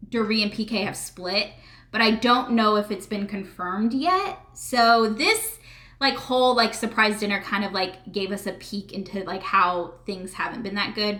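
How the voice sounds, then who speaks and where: A woman's voice: mid-range voice, pushed and bright. A young woman recapping a reality TV episode in casual chat, full of "like" fillers. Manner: chatty, filler-heavy with frequent "like". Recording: echoey room.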